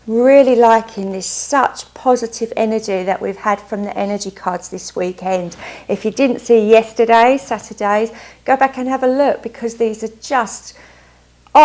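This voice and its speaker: A woman with a fairly high, slightly mellow voice does a casual tarot card reading. She's upbeat and chatty, frequently pausing to add asides.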